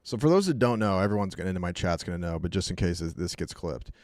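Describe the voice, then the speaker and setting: A man with a fairly low voice chats casually on his live stream, telling rambling, jokey stories. He keeps slipping into quick put-on voices for the people in them. The sound is dry and close to the mic. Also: animated, a little mellow, dry recording.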